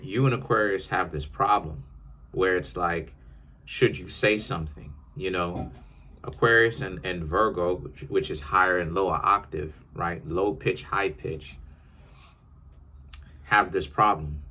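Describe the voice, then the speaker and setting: Man, low-pitched, bright tone, tarot reading, emphatic, lecturing, repeats himself. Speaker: tarot reader.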